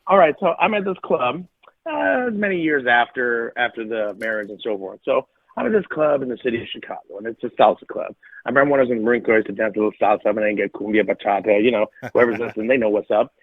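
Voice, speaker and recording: Fast and lively in intonation, this mid-range male voice belongs to a middle-aged podcast co-host telling casual, emphatic stories with repeated phrases for punch. No echo, though the line is tinny like a phone.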